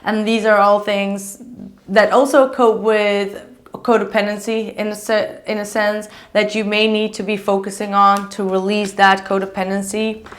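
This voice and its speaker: A woman's voice: medium pitch, level tone, a little slow. A woman giving a casual tarot reading, chatty and gushing, with many fillers. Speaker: tarot reader.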